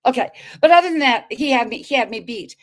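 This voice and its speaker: A woman talks as a guest on a talk show, her voice sitting a little high. She tells her story with energy, acting out the quoted lines and calling out to the listeners between them. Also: fast talker. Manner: expressive, acts out quoted dialogue, preachy asides to listeners.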